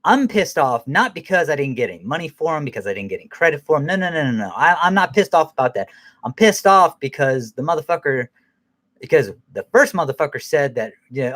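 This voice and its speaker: A man's voice: on the high side, very animated, brisk, fairly bright tone. A man hosting a podcast who rambles through an angry, profane rant and laughs at himself now and then. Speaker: podcast host.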